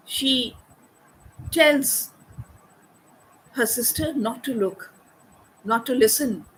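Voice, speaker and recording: A woman's voice: on the high side, extremely slow, fairly bright tone, a little hiss or hum, low-quality recording. A woman lecturing on a poem, thoughtful and hesitant with fillers, reading quoted verse aloud. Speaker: literature lecturer. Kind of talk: academic lecture.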